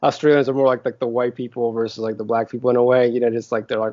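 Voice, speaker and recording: A man talks quickly and loosely on a casual podcast. He rambles with lots of fillers and keeps an upbeat tone. The recording is dry and a little dull. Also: medium pitch, level tone, darkish tone, no echo. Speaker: podcast co-host.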